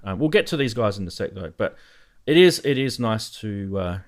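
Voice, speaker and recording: A man's voice: fairly low pitch, animated, moderate pace. Chatty male live-stream host. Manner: chatty and jokey, laughs often, with fillers. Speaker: host of a live synthesizer show. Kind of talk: casual live-stream chat, greeting viewers.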